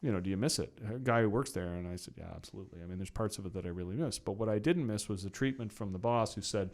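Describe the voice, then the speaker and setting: Animated middle-aged man telling a story. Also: fairly low pitch, fast, few pauses. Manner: animated storyteller, acts out quoted exchanges, frequent fillers. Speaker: podcast guest. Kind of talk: casual storytelling interview.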